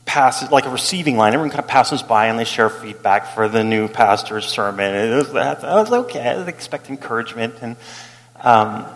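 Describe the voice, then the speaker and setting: A middle-aged male pastor preaching a sermon as an animated story, acting out the people he quotes and laughing as he goes. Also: mid-range voice, brisk, background noise. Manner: animated, acts out quotes, laughs while telling. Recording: long hall reverb.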